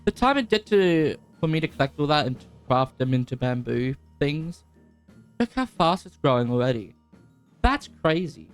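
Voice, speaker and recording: A young man giving casual, chatty commentary over his gameplay, his voice jumping high when excited. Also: smooth. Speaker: gaming YouTuber. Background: faint background music.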